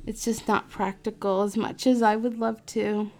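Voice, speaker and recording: A woman's voice: medium pitch, flat delivery, moderate pace, warm tone. A middle-aged woman casually telling a personal story, chatty and laughing often as she quotes others. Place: in Florida.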